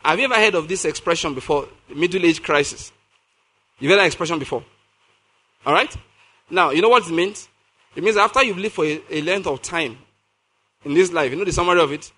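Guy preaching a sermon, kinda high voice, bright and sharp, reads verses slow then asks the crowd stuff. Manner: reads scripture slowly, then asks the congregation questions.

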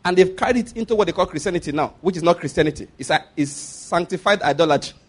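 Emphatic high-voiced preacher. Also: male voice, fast. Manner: emphatic, repeats points and checks the audience follows. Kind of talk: sermon.

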